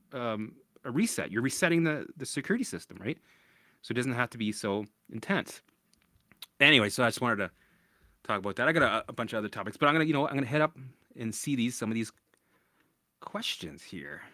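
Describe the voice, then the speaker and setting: A man's voice: medium pitch, bright, forceful tone, no echo, studio quality. A man hosting a casual solo monologue, rambling and swearing freely as he answers listener questions and keeps checking in with "right?".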